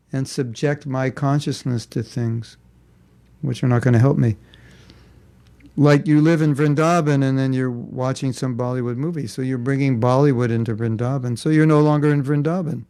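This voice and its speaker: Male spiritual teacher, gravelly, casual lecturing with rhetorical asides. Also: mid-range voice, warm tone, no room sound. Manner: conversational, rhetorical questions and joking asides. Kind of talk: informal spiritual class.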